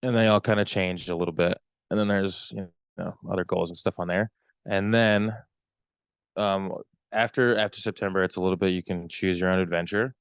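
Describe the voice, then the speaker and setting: A man's voice: sits low, steady tone, clean tone, no room sound. Rambling young man on podcast. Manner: rambling, halting. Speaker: podcast co-host. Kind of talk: casual podcast chat. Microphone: close podcast mic.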